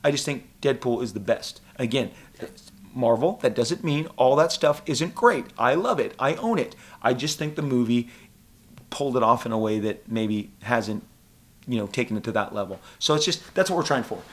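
Man in his forties, casual interview talk, excitable, acts out quotes. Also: medium pitch, moderate pace. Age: 40s. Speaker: comic book creator interviewed. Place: convention interview room.

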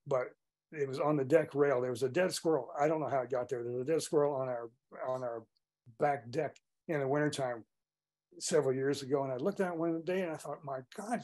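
A man's voice: medium pitch, a little mellow. An older man giving an informal talk on backyard birds, rambling and often restarting his sentences. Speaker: bird talk presenter.

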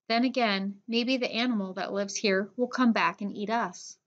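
A woman's voice: medium pitch, steady tone, moderate pace, a bit bright, highs cut off, natural voice. Woman reading as an anxious young boy. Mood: worried. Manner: worried, questioning. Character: anxious younger boy who looks up to his friend.

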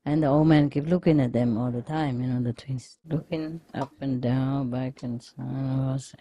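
A woman's voice: a bass voice, fairly even intonation, measured pace, highs cut off. Woman teacher, casual joke-telling lecture, laughs often, chatty. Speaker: spiritual teacher.

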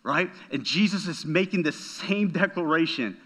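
A man's voice: a little high, animated, normal speed, a bit bright. A man preaching a sermon as a pastor, emphatic, often checking in with "right?" and repeating words as he goes.

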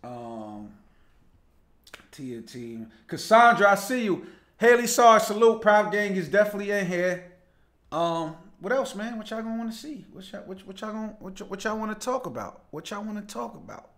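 Casual, slightly high-voiced male livestream host. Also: expressive, normal speed, fairly bright tone. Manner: loose, talkative, greets viewers by name, laughs easily. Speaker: live show host. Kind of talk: casual livestream chat reading viewer comments.

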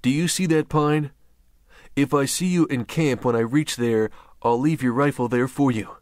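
Resolute young frontiersman, firm, clipped, mid-pitched man, dry close mic, read by a male narrator. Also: normal speed, a little mellow, no echo, natural voice. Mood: commanding.

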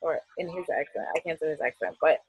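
A woman's voice: deep voice, fast, husky, phone-quality sound. A middle-aged woman with a Queens accent, chatting in a video-call interview, laughing often and using many fillers. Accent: New York, Queens. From United States. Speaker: festival artist guest. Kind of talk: casual interview.

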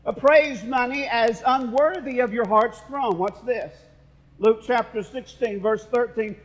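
High-voiced preaching pastor, echoing church. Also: male voice, a little slow. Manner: preaching with playful asides to the congregation. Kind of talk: sermon. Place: church sanctuary.

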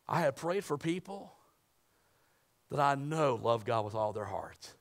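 A man preaching a sermon, swinging from loud emphatic peaks to hushed near-whispers. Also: mid-range voice, normal speed. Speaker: pastor.

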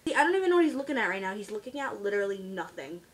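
A teenage girl chatting casually on her vlog about her pet at home, rambling and trailing off into quiet asides. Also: mid-range voice, very animated, racing. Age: teens. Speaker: vlogger.

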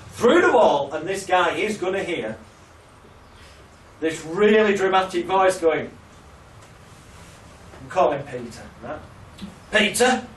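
A man's voice: high voice, fairly bright tone, distant mic. Guy telling stories to a class, swears a lot, laughs at his own jokes, echoey room with faint noise. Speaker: hypnotherapy trainer. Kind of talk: casual storytelling lecture.

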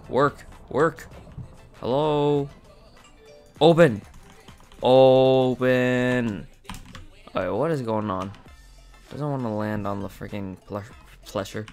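A man giving casual, excitable gameplay commentary, talking directly to his viewers with frequent outbursts. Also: on the low side. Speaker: gaming channel host.

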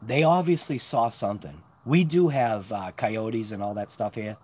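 A man's voice: lowish voice, moderate pace, husky. A man hosting a late-night live stream, chatting casually and talking to his dogs outdoors at night. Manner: chatty, lively, talks to his dogs and chat between topics.

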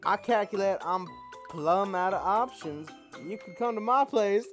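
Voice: mid-range voice, a little slow, soft background music, pitched above the performer's own voice, close to an everyday voice. A gamer voicing a kindly folksy male Pokemon in an American Southern drawl, reading video game dialogue aloud with homespun turns of phrase. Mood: resigned.

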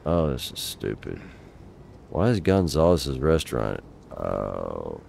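A man's voice: very deep voice, sing-song, slow pace, creaky, a little mellow, slight background noise. A middle-aged man giving exasperated, profane live commentary while playing a game, talking to himself at a desk mic. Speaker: gaming channel host.

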